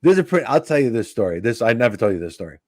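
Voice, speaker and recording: A middle-aged male comedian telling a backstage story as a guest, lively and acting out the people in it. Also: mid-range voice, rapid-fire, dry recording, studio quality. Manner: animated, acts out voices in anecdotes. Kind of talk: casual storytelling.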